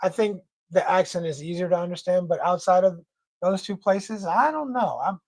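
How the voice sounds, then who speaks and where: A man with an American accent hosting a casual livestream chat, joking around and reading viewer comments aloud in a quick, loose way. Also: sits high, no echo. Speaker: livestream host.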